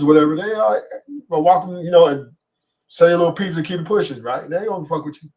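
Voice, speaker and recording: A man's voice: a little high, very fast, a little mellow, distant mic. Streetwise Los Angeles man, bit off-mic. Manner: streetwise, emphatic, repeats himself. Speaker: podcast guest. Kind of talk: casual podcast conversation.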